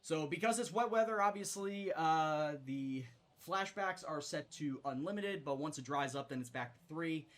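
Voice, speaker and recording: A man's voice: fairly high pitch, animated, moderate pace, soft background music. A man commenting on his own racing game, swearing and venting at his driving. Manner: swears and shouts in frustration; self-deprecating. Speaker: gaming streamer. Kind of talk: casual gameplay commentary.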